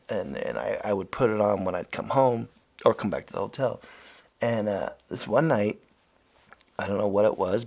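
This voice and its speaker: A man hosting a podcast, telling a story in a loose, animated way, laughing and swearing freely. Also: lowish voice, gravelly. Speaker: podcast host. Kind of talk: casual storytelling.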